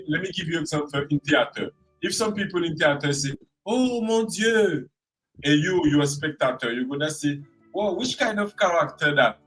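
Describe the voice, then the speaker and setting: Guadeloupean guy, animated, acting stuff out, slightly high voice, faint music behind. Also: husky, low-quality recording. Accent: Guadeloupean French. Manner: animated, acts out expressions with playful voices. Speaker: creative arts specialist guest. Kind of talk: casual interview chat.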